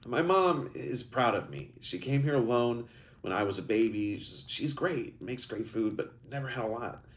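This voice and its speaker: A man's voice: mid-range voice, expressive, moderate pace, roomy sound, pitched above the performer's own voice, close to an everyday voice. A man reading aloud voices a young man talking fondly but sadly about his mother. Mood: wistful.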